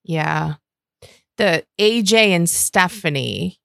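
Lively, gravelly-voiced woman podcaster. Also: fairly low pitch, slow, no echo, clean studio sound. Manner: chatty, reads names aloud. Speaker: podcast co-host. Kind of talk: casual chat.

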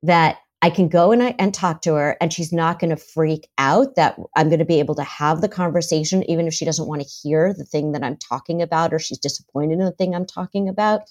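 A woman's voice: low voice, a little fast, few pauses. A woman therapist as a guest, talking through parenting examples and acting out parents' lines. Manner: animated, acts out parents' lines in quotes. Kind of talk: conversational interview.

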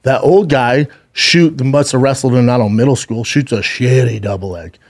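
A man's voice: mid-range voice, moderate pace. A man co-hosting a casual podcast, spinning a long story. He acts out every quote with gusto and curses freely as he goes. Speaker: podcast co-host.

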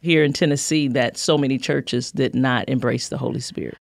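A woman's voice: very deep voice, steady tone, moderate pace, vocal fry. A middle-aged woman pastor talking earnestly as a guest, often repeating words as she builds a point. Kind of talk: casual conversational interview.

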